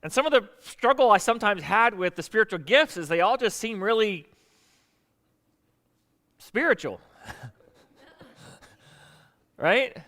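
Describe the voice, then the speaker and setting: A man preaching a sermon as pastor, animated and joking with the congregation in a church sanctuary. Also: high voice, unhurried, pauses often, in a large hall.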